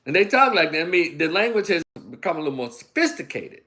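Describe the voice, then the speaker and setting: Man, livestream commentary, fairly high and bright, swinging pitch, emphatic and preachy. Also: very animated, quick pace. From Memphis, USA. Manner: preachy, emphatic, asks rhetorical questions. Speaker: online political commentator.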